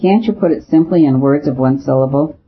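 A man voicing an impatient, forceful male French adventurer who speaks briskly. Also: on the high side, husky. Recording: tinny phone-like audio.

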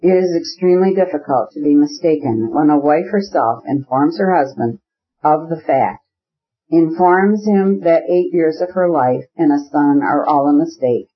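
A man voicing a cold, formal middle-aged husband in an audiobook, speaking in a measured, aloof way. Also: fairly high pitch, lightly acted. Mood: bitter. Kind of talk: audiobook character reading. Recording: dull lo-fi recording.

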